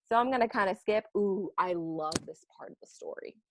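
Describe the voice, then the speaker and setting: A woman teacher giving a read-aloud writing lesson for children, animated and expressive, a parent herself. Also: medium pitch, a little fast, slight background noise. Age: adult, parent of children. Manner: animated, expressive, bursts of excitement.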